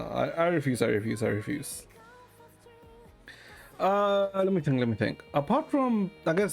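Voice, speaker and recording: A man streaming and chatting casually with a deadpan manner, swearing often. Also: fairly high pitch, vocal fry.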